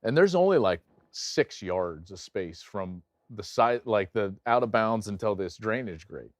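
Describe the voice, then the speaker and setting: A middle-aged man hosting a live football watch-along, commenting excitedly on plays and telling stories he acts out loudly. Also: fairly low pitch, a little slow, dry recording, clean studio sound. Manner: animated, jumps into loud acted-out anecdotes. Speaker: host and game analyst.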